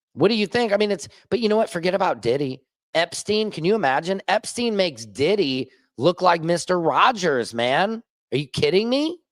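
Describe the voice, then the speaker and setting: A man who hosts his own news vlog, ranting casually and fast from a rooftop with lots of restarts and asides. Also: sits high, no echo. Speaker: independent journalist and vlog host. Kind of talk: casual on-camera rant.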